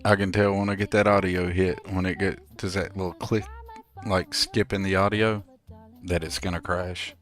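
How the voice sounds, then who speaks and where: A man streaming a game, chatting casually and good-humoredly with his viewers in a relaxed, rambling way. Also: low-pitched, normal speed. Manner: laid-back, good-humored rambling to chat. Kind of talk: casual live gameplay commentary.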